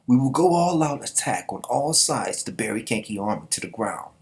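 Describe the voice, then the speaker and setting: A man reading the lines of a stern male strategist giving battle orders, in a flat reading voice. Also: mid-range voice, normal speed. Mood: commanding.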